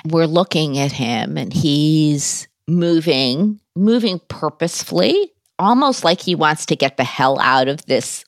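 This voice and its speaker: Low gravelly woman talking slow, candid and a bit wry, dry close sound. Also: animated, dry recording. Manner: candid, conversational, self-deprecating humor. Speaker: interview guest. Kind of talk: personal storytelling in an interview.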